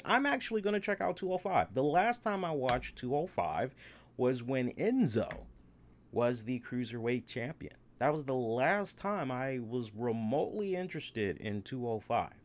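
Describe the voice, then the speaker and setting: Animated man rambling through a wrestling review. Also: medium pitch. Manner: animated, rambling, repeats phrases. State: tipsy after one beer, hiccuping. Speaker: wrestling show host. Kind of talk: live solo aftershow review.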